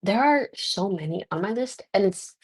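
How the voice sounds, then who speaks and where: A young female wrestler, appearing as a guest in a casual interview in Mexico, speaks at a normal pace in a mid-range, slightly rough voice. She laughs often and tells stories with animated energy, voicing the people she quotes.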